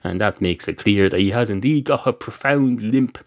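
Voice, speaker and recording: A man's voice: fairly low pitch, moderate pace, natural voice. A man voicing a grumpy, rambling barman who swears and fills his talk with hesitations. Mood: grumbling.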